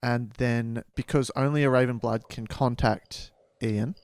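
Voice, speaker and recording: Man, podcast co-host, slight head cold, smooth resonant voice, rambling with fillers, dry close sound. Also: mid-range voice, fairly even intonation, a little slow, a little mellow, dry recording. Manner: rambling, joking, lots of fillers. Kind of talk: casual book chat.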